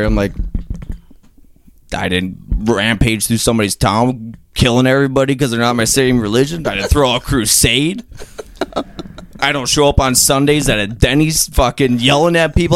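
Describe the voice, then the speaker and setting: A man's voice: medium pitch, animated, normal speed, long pauses. Rambling, profane young man doing stand-up. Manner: rambling, profane, laughing at his own jokes. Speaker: amateur stand-up comic. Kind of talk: mock stand-up set among friends. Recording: background noise.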